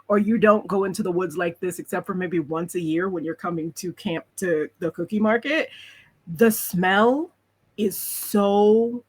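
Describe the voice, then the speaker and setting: A woman's voice: lowish voice, a bit bright, slightly rough. A woman narrating as game master, describing scenes in a chatty way with lots of fillers.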